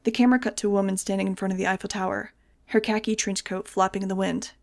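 A woman's voice: mid-range voice, little pitch movement, fast talker, gravelly. Woman reading a story aloud. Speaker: audiobook reader. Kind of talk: fan audiobook narration.

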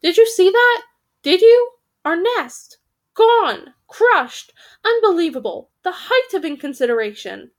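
A woman doing a shrill, outraged raven. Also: sing-song, unhurried, heavily acted. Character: squawking indignant male raven.

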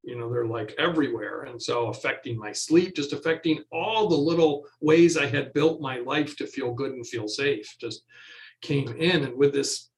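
Middle-aged male guest, soft-spoken and searching, halting delivery. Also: mid-range voice, poor audio. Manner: halting, searching, many restarts. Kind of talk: reflective interview talk.

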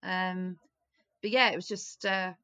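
A young woman with a slightly low voice talks with a friend in an easy, chatty way. She tells stories with lots of expression and swears without a second thought. Her voice sits close and dry on the mic. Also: a little slow, clean tone, dry recording. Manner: animated storyteller, swears freely, acts out friends' voices. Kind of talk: casual chat.

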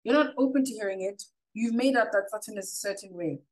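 A woman co-hosting a podcast in casual chat, animated and quick to mimic others. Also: mid-range voice, rough recording. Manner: animated, quotes people in mocking voices. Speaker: podcast co-host.

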